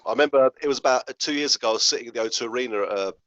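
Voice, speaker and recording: A man's voice: medium pitch, very fast, a bit bright, dry recording. A man hosting a casual interview, chatty and friendly, saying "mate" a lot. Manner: chatty, matey, lots of "mate". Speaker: host. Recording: dull lo-fi sound.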